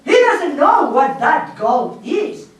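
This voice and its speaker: A playful, giggling interpreter caught between two sides, played by a woman on a puppet stage. Her high voice rises and falls a lot while she stammers along at an easy pace. The sound is distant and echoey, with faint noise behind. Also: huge pitch swings, takes it slowly, heavily acted. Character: laughing go-between translating for a native. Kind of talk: live puppet theater performance. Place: live stage before an audience.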